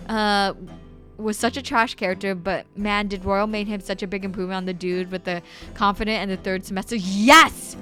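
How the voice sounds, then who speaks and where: A young woman streaming a game, chatting casually with viewers in an excitable, giggly way. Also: medium pitch, moderate pace, faint music behind.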